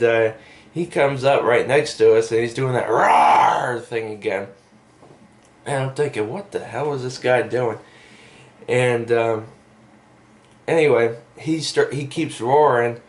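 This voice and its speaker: A young man telling a story in a casual vlog, rambling with lots of fillers and asides, recorded on a camera mic. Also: medium pitch. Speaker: vlogger.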